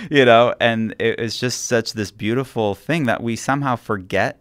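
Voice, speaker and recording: A man, an author being interviewed on a radio talk show, telling stories in an earnest, gently reflective way. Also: medium pitch, normal speed, hardly any pauses, dry recording, studio quality. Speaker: author guest.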